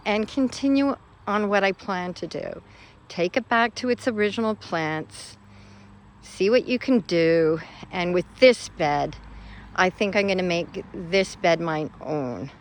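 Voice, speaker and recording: A woman vlogging from her garden, talking casually in a rambling, self-deprecating way full of fillers. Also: on the low side. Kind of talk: casual rambling vlog talk. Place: outdoors in a garden.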